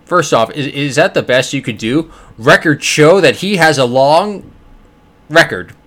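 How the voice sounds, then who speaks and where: A man hosting a podcast, giving sarcastic, animated commentary with quick character bits. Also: a little high. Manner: sarcastic, animated, does voices. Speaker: podcast host. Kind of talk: casual commentary.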